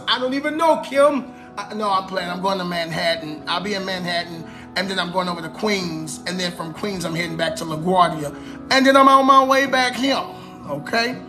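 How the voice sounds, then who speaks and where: A man, a preacher, chatting casually with viewers on a livestream in an animated way, calling them y'all and baby. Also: high voice. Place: live stream.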